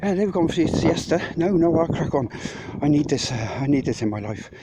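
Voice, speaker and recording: A man's voice: fairly high pitch, animated, brisk. A man vlogging casually outdoors while hauling loads uphill, rambling and swearing freely as he talks to his viewers, out of breath. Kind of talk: casual walking vlog. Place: outdoors on a mountain path. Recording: noisy outdoor phone recording.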